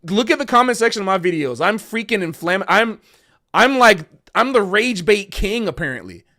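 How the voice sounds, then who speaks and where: Animated, emotional man ranting on stream. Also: high voice, normal speed. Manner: emotional and passionate, says bro a lot. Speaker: jazz musician streaming a Q&A. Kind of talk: casual livestream rant.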